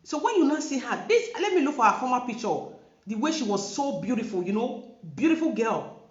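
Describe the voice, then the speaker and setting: Nigerian lady ranting to camera, pitch swinging all over, echoey room, kinda dull lo-fi sound. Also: big pitch swings, brisk. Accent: Nigerian Pidgin-inflected English. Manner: emphatic, preachy, repeats herself. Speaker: vlogger. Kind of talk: casual commentary to camera.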